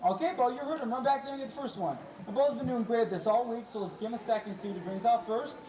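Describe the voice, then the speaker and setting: Male stage trainer, teasing showman patter, taped from afar in a noisy, roomy venue. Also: extremely high pitch. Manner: playful, jokey, gives quick dog commands. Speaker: animal trainer and show host. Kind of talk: live stage show patter. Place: live animal show before an audience. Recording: echoey, distant, crowd noise, amateur camcorder. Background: audience cheers and laughter.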